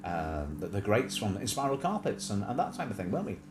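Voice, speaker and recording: Man, livestream host, rambling casual chat, deep with an animated lilt, noisy home recording. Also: quick pace, roomy sound. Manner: rambling, many fillers, breaks into sung snatches and mimicked accents.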